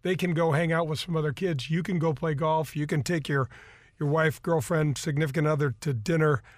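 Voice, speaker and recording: Talking a little fast in a fairly high, fairly even voice, a man hosts a golf radio program with rambling, filler-heavy chatter and live sponsor reads. He's in a radio studio on a studio microphone, with a dry, studio-quality recording.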